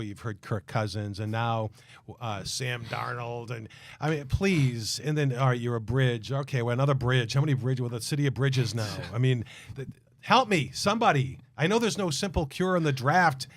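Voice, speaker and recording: Animated male sports show host. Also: mid-range voice, moderate pace. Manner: animated, exasperated, laughs often. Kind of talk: live sports talk panel.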